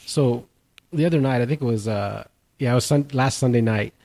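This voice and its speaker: Man, husky, mid-pitched, casual podcast co-host, cursing, laughing while he talks. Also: a little fast, darkish tone. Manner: swears a lot, laughs through stories, mimics in high pitch. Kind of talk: casual chat.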